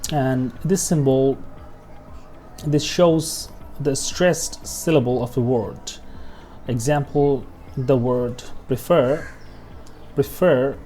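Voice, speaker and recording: Slow, mellow-voiced man teaching pronunciation. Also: medium pitch. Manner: slow, repeats example words, frequent "okay?" checks. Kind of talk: screen-share lesson walkthrough.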